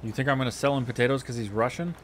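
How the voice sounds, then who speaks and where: A man's voice: mid-range voice, fairly even intonation, very fast, slight background noise, rough recording. A man streaming a game and chatting casually to viewers, muttering to himself with half-finished thoughts. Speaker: livestreamer. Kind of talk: casual gameplay chat to viewers.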